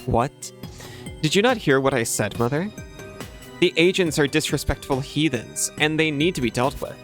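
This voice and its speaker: A man's voice: fairly high pitch, moderate pace, fairly bright tone, soft background music, lightly acted. A man voicing an earnest young son who pleads urgently with his mother, reading game dialogue aloud. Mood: upset.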